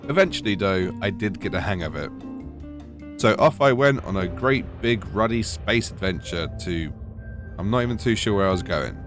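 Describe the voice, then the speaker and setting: A British man with a lowish voice narrates a gaming video in a dry, sarcastic way. Soft music plays underneath. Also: lively intonation, moderate pace. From United Kingdom. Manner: wry, sarcastic. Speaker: gaming YouTuber. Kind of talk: scripted gaming voice-over. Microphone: voice-over.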